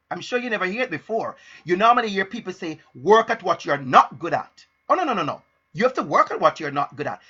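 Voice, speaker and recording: A middle-aged man giving a live-streamed motivational talk as an educator, speaking deliberately and emphatically and repeating his key phrases. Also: high-pitched, bright, forceful tone, husky, muffled recording. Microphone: laptop and phone.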